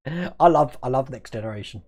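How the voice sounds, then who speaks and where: Man, livestream host, casual rambling chat, answers viewer comments, slightly high voice. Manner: rambling and chatty, reads out viewer comments and answers them directly. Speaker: scale modelling livestream host.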